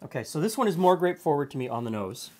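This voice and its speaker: A man hosting a cooking show, explaining a blind tasting in a relaxed, plain-spoken way from his studio. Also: a little high, fast talker, slight background noise. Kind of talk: casual tasting chat. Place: home studio kitchen.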